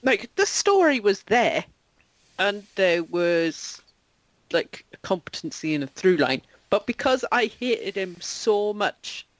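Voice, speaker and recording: A woman's voice: mid-range voice, very animated, slow, no room sound. A woman co-hosting a casual film review chat, making dry, teasing remarks. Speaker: podcast co-host.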